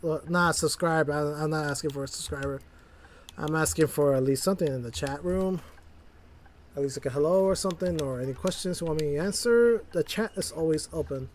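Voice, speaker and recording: A man's voice: on the high side, brisk, slight background noise. A man streaming a driving game, rambling and mocking himself, laughing often at his own mistakes, talking into a desk mic. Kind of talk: casual gameplay commentary.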